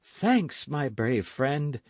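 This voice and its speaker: A man reading an audiobook voices a cold, scheming noblewoman who coaxes and commands, in a soft, measured way. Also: medium pitch, big pitch swings, no room sound, voice pushed up, heavily acted.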